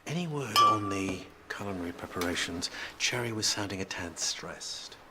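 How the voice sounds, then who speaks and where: A man's voice: low voice, animated, normal speed, very noisy. An actor playing a fussy, pompous male GP with a grandiloquent, lecturing manner. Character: pompous male GP, fussy gourmet, fond of wine. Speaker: doctor. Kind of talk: TV drama acting.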